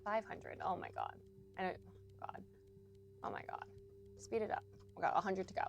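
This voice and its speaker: Faint music sits behind a young adult woman's lowish, creaky, animated voice as she talks at a moderate pace, pausing often. Streaming a game, she chats casually with viewers and swears plenty while working on a puzzle.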